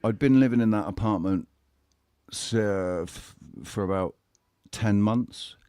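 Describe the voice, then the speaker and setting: Man, lowish voice, dry close sound, casual blunt storytelling, swears, halting restarts. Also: dark tone, clear, resonant tone, dry recording. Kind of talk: casual chat.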